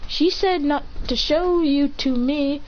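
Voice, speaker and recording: A woman's voice: high-pitched, slow, voice pushed up. A woman voicing an eager, stubborn five-year-old boy in a fan story. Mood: earnest. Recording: dull home recording with faint ambient noise.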